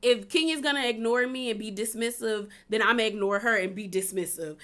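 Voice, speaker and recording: Bright-voiced woman, chatty and laughing. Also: on the high side, fairly quick. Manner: chatty, laughs often, lots of "like" fillers. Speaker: recap vlogger. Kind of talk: casual reality-show recap.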